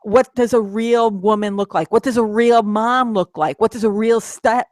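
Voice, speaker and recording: A woman's voice: a little high, fairly even intonation, moderate pace, dry recording. A middle-aged woman co-hosting a casual talk, chatty, with many restarts and fillers. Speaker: co-host, midlife coach. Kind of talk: casual chat.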